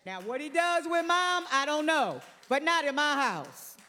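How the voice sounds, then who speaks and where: A woman's voice: high voice, very animated, measured pace, sharp tone, big-room sound. An older woman preaching a sermon, emphatic, repeating her phrases and calling out to the congregation.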